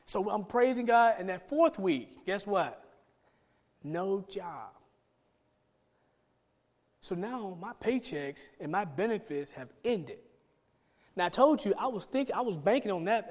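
A man's voice: high-pitched, expressive, measured pace, long pauses. A man telling a personal testimony as a sermon, animatedly acting out his own past conversations. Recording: long hall reverb.

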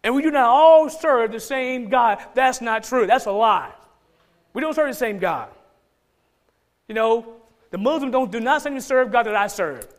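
A man's voice: extremely high pitch, animated, moderate pace. A man with a Georgia Southern accent preaching a sermon as pastor, emphatic and repeating key phrases for stress.

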